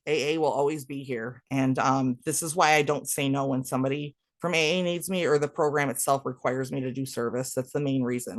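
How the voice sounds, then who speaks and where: A woman's voice: low-pitched, no echo. Blunt, candid woman telling her story. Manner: raw, blunt, swears freely, speaks to listeners directly. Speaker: podcast guest telling her recovery story.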